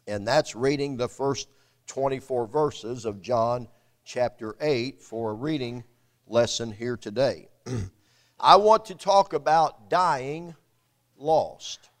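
Slow-reading preacher, man, raised voice. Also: fairly high pitch, a bit bright. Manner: slow, deliberate King James reading with fillers. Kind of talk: sermon with scripture reading.

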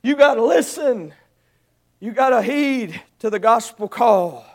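A man with a very high voice preaches a sermon. He rises into loud shouted exhortation, then drops to soft, pleading appeals. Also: expressive, unhurried, vocal fry. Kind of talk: evangelistic sermon.

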